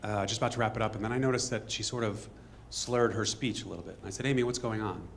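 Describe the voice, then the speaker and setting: Guy rattling off a story on stage, quick and kinda low, faint room hum behind. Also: creaky, fairly bright tone. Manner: fast, conversational, with asides and reenacted dialogue. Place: stage before a live audience.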